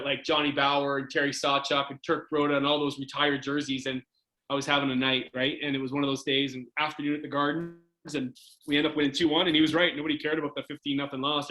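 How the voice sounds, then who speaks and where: Canadian guy telling a story, kinda high voice, jumps around acting out the quotes. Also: reverberant, poor audio. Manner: animated, acts out quotes with jumps in pitch. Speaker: former hockey goaltender telling a story. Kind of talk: casual storytelling in an interview.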